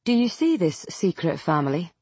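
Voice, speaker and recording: A woman's voice: fairly low pitch, very animated, moderate pace, a little mellow, husky, no room sound. A young woman with a Scottish accent hosting a radio interview, asking poised, probing questions. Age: young adult. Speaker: radio host.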